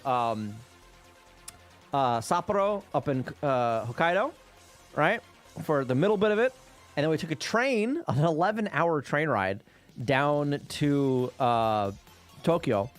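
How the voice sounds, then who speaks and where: A man chats casually on a livestream, telling loose, profane travel stories to his viewers. His voice sits slightly high and moves around a lot as he talks. Soft music plays quietly underneath. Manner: profane, rambling travel storytelling. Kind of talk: casual chat with stream viewers.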